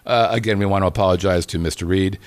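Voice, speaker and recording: A man co-hosting a casual podcast, joking and laughing often as he riffs with his partner. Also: low-pitched. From Las Vegas resident. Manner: joking, animated, quick laughter. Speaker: podcast co-host.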